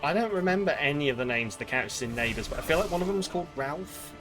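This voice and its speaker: A man's voice: on the high side, expressive, very fast. A man chatting casually with viewers while streaming a game, rambling and swearing freely. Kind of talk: casual live-stream chat while gaming. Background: game music.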